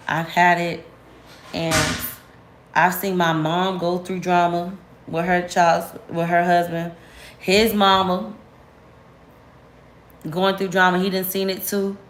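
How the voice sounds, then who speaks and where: A woman talks straight to camera, candid and slangy, getting sharp and animated when she vents. Her voice sits a little low. The room is bare, and her voice echoes off it. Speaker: vlogger. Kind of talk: casual storytime chat to camera.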